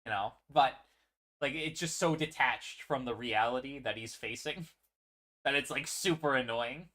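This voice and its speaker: A man hosting a casual commentary stream, talking in an animated, profane way. He laughs often and keeps restarting his sentences with plenty of fillers. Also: mid-range voice, measured pace. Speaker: show host.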